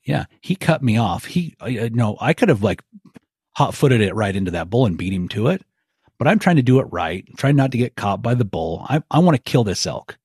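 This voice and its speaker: A middle-aged man, a guest, telling a hunting story in a folksy, animated way and acting out quotes. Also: medium pitch, brisk, slightly rough, dry recording, clean studio sound. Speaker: guest elk hunter.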